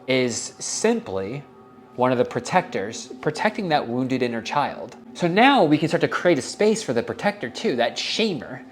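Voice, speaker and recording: Man, young adult, wellness host, earnest, casual, emotional, mid pitch, faint background music. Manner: earnest, casual, swears freely, gets emotional. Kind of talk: heartfelt self-help monologue.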